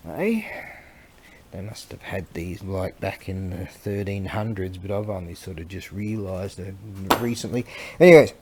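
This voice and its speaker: A man's voice: low voice, normal speed, a little mellow, a little hiss or hum. A man vlogging in a workshop, rambling casually to the camera, laughing often and muttering asides to himself.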